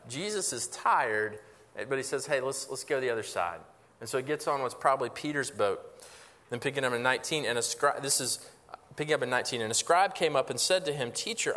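A man's voice: mid-range voice, fairly bright tone. A man giving a sermon in an earnest, conversational way, with frequent fillers and restarts. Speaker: pastor. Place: church sanctuary. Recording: long hall reverb.

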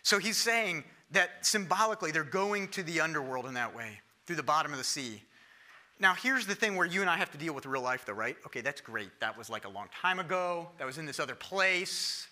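High, bright-voiced male preacher. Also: fairly quick. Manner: conversational and lively, acting out quoted voices. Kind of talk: sermon.

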